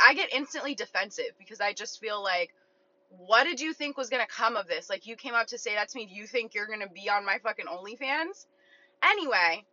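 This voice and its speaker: A woman's voice: on the high side, sharp tone. A young woman telling a story in a casual, blunt, profane way, full of fillers. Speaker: online content creator. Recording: dull lo-fi recording.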